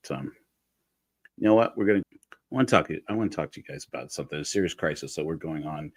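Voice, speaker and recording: A man hosting a live stream for a church congregation, chatting and joking straight to his viewers. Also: on the low side. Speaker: livestream host of an atheist church. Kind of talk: casual livestream monologue.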